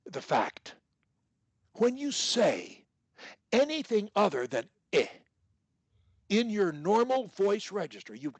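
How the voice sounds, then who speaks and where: A man's voice: on the high side, no echo. A man coaching a student one-on-one over a video call, emphatic and fond of repeating his key points. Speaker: speech coach.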